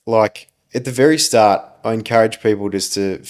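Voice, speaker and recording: A man's voice: fairly low pitch, normal speed, a little mellow. A man, co-hosting a casual business podcast, ranting and swearing freely as he tells stories. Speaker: podcast co-host, business owner.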